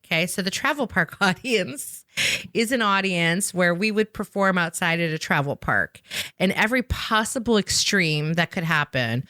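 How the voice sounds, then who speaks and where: A woman's voice: fairly low pitch, animated, moderate pace, sharp tone, no echo, clean studio sound. A woman, a sales trainer with an improv background, explaining with energy and emphasis, often tagging a questioning "right?" onto her points. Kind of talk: conversational podcast explanation.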